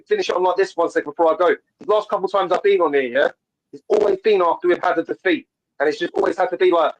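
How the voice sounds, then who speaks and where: Fan bloke on a video call, talks quick and fired up, kinda high voice, keeps restarting his sentences. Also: rough recording. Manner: fast, passionate football-fan talk with many restarts. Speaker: caller. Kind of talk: casual fan call-in chat.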